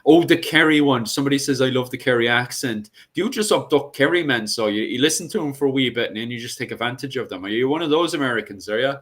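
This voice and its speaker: A man hosts a casual streamed chat show. He jokes and banters freely, with a middle-pitched voice and a loose, chatty rhythm. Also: fast talker, few pauses, fairly bright tone. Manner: joking, banter-heavy, swears casually. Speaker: show host.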